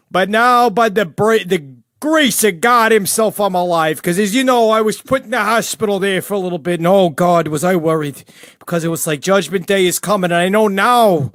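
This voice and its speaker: A man's voice: sits high, no room sound, studio quality. A man playing a rambling, pious, petty jailed older killer in a comedic character monologue, full of gossip and sudden outbursts.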